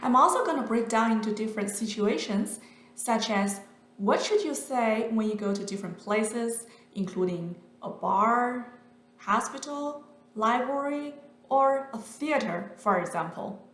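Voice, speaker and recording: A woman teaching a beginner Mandarin lesson, speaking slowly and carefully and drawing out each sound she demonstrates. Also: a little high, lively intonation, fairly bright tone, echoey room. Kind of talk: online language lesson.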